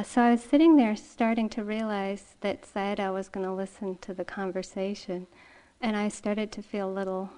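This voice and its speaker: A middle-aged woman meditation teacher giving a dharma talk, telling a story gently and slowly with soft laughs. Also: mid-range voice.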